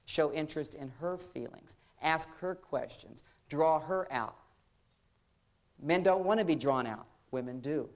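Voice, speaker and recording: A man, a psychologist, giving a humorous seminar talk on relationships in short, punchy phrases. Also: a little high. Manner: playful, acts out bits of dialogue in short phrases.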